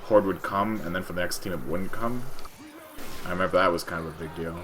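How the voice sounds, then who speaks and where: Deep-voiced man calling esports play-by-play. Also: fairly quick, noisy background. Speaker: game commentator. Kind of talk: esports commentary.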